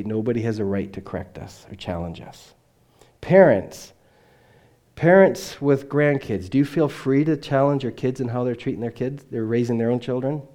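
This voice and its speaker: An earnest male missionary preacher delivering a sermon at a mid-range pitch. He tells personal stories with conviction, pushing some lines out loudly and letting others fall almost to a murmur. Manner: swings between loud emphatic lines and quiet dropped endings. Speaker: missionary speaker.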